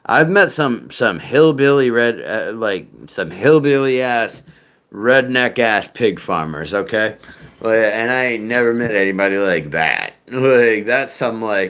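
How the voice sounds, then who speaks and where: A man's voice: fairly low pitch, animated, a little slow, fairly bright tone. A man chatting casually with viewers, rambling and profane, with frequent fillers, restarts and laughs. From United States. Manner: rambling, profane, self-deprecating, many fillers.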